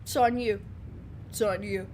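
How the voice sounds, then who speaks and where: A woman streamer giving casual, animated gaming commentary, exclaiming and laughing often. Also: medium pitch, unhurried, slight background noise.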